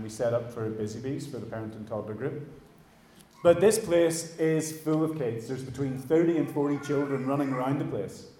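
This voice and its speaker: A man's voice: medium pitch, mellow, a little hiss or hum. A man preaching a sermon, talking conversationally and addressing his congregation directly in a church hall. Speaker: pastor.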